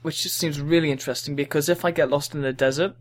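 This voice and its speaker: A young man chats casually on a gaming podcast, wandering through his points with frequent ums. His voice sits a little on the high side. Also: fairly even intonation, quick pace. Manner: rambling, chatty, frequent ums. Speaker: podcast co-host.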